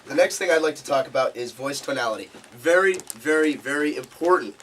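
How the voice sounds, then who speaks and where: A man's voice: medium pitch, lively intonation, a little fast, a little hiss or hum. A man teaching a live seminar to a group, emphatic and repeating key points, recorded from a distance. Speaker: seminar instructor.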